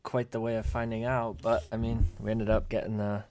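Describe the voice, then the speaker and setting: A man chiming in briefly on a podcast, relaxed and speaking in short replies. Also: on the low side, a little fast. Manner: brief, laid-back replies. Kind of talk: casual podcast chat. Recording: distant from the mic.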